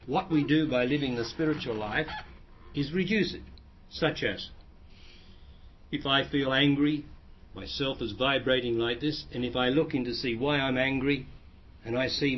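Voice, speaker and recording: A man's voice: mid-range voice, moderate pace, slight background noise. A man who is a spiritual teacher, answering audience questions in a plain, explanatory way and often restarting his phrases. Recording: dull lo-fi recording.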